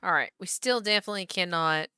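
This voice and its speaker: Woman streamer, horror game commentary, reads game text aloud, chatty, bright crisp voice, dry close sound. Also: on the low side, fast talker, dry recording. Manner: chatty, talks to the characters on screen.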